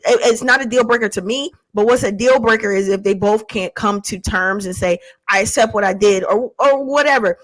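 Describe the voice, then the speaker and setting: A woman's voice: mid-range voice, fairly quick, hardly any pauses, dry recording, poor audio. A woman co-hosting a podcast in casual chat, reflective and questioning. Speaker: podcast co-host.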